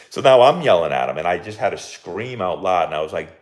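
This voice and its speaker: A man's voice: low-pitched, fast talker, few pauses. A young man, a baseball coach hosting a casual live watch-along and chatting with lots of fillers and laughs.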